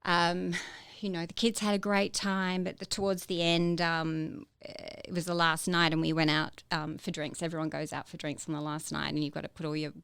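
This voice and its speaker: A woman telling her own story in a podcast interview, halting, with many fillers and restarts. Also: low-pitched, flat delivery, gravelly, a bit bright, clean tone, no echo. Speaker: interview guest.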